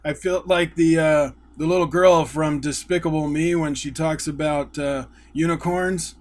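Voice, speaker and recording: Excitable man recapping a TV episode. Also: a little high. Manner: excitable, retells scenes in quick paraphrase. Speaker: YouTube show host.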